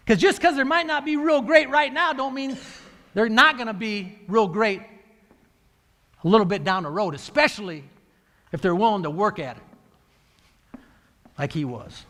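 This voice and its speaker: A man's voice: high voice, moderate pace, pauses often. A middle-aged man, a coach telling a story to an audience and acting out the dialogue. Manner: animated, acts out quoted dialogue. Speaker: wrestling coach and speaker. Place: large hall. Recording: reverberant hall.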